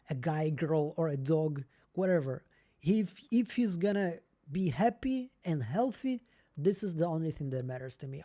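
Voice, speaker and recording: A man's voice: on the high side, mellow. A young man with a non-native English accent, chatting candidly and rambling on a live stream as host. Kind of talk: casual live-stream chat.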